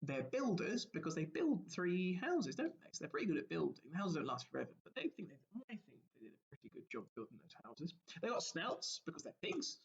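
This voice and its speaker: Gravelly man teaching little kids. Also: fairly high pitch, sing-song, brisk, hardly any pauses, muffled recording. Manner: gentle, storybook-like explaining with questions to children. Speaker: primary school teacher. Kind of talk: recorded remote lesson for young children.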